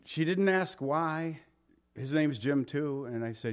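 A man preaching a verse-by-verse sermon in a conversational, emphatic way, reading scripture aloud and often dropping to a soft murmur. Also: on the high side, lively intonation, slow. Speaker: pastor.

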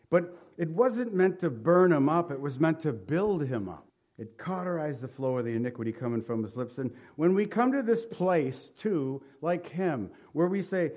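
A man's voice: mid-range voice, a little mellow. A pastor preaching with emphasis, reading scripture in formal old-fashioned wording. He slips easily into casual remarks to the people listening. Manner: informal asides to the congregation. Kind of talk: sermon.

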